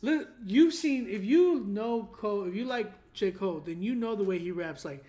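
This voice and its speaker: A young man hosting a song critique stream, talking in an animated, emphatic way with many fillers. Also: high voice, moderate pace. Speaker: host giving song critiques. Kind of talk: livestream critique chat.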